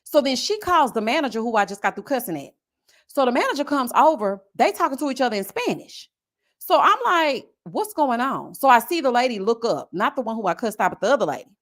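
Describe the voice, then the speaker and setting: Animated woman in her forties telling a story. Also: a little high, brisk. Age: 40s. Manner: animated, addresses viewers directly. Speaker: vlogger. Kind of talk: casual storytelling.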